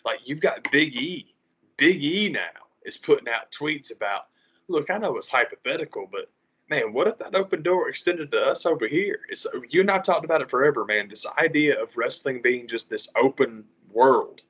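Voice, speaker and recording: A man, co-hosting a podcast in an animated, profane ranting way. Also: mid-range voice, moderate pace, husky. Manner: animated, profane ranting with mocking quoted voices. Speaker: podcast co-host. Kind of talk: casual podcast chat. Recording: slightly dull lo-fi audio.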